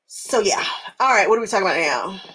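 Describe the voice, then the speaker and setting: A woman hosting a casual crafting live stream, chatting with viewers while she sews, animated and often laughing, repeating phrases for emphasis. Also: mid-range voice, fast, slight background noise, rough recording. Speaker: quilting live stream host. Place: home sewing room.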